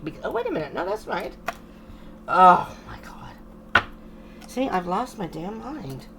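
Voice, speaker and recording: A woman's voice: a little high, creaky, background noise. A middle-aged woman doing a casual tarot reading to camera, chatty and reassuring, often interrupting herself. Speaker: tarot reader.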